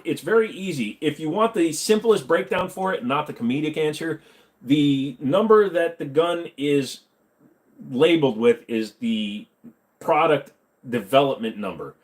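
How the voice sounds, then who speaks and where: A man hosting a casual livestream Q&A, reading chat questions aloud, joking and rambling, correcting himself as he goes. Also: medium pitch. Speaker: host.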